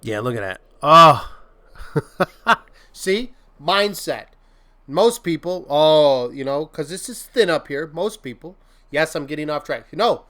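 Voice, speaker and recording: A man's voice: fairly high pitch, very animated, takes it slowly, sharp tone. A man hosting a casual motivational livestream, rambling and laughing often, breaking into silly mock-venting with made-up curses. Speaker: host.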